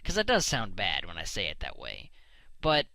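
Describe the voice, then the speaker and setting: A man's voice: low voice, huge pitch swings, moderate pace, vocal fry, pushed and bright, no echo, low-quality recording. A man giving an unscripted, blunt, emphatic opinion monologue into a microphone. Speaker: solo commentary host. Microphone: desk microphone.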